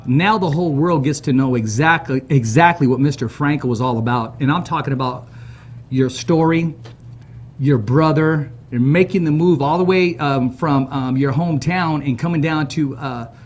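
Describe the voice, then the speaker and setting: A man's voice: on the high side, moderate pace, a little hiss or hum. A man hosting an interview show from a production studio, drawing out hype introductions and often repeating words. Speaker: podcast host. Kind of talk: energetic interview hosting with announcer flourishes.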